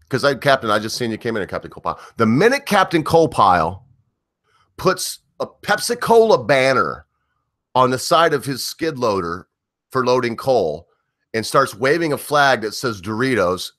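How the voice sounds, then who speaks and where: A man's voice: medium pitch, sing-song, moderate pace, a bit bright, no echo, clean studio sound. A middle-aged man hosting a livestream, ranting in a rambling, profane way with frequent chuckles. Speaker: livestream host.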